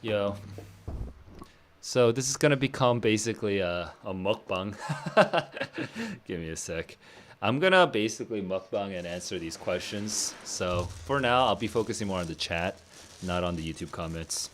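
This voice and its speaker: A man with a notably deep, low voice talks casually on a home live stream, laid-back and a little rambling. He sounds low on energy, and faint room ambience sits behind him. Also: lively intonation, moderate pace, fairly bright tone, slight background noise. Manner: laid-back, rambling, with frequent fillers and laughs. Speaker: streamer answering viewer questions.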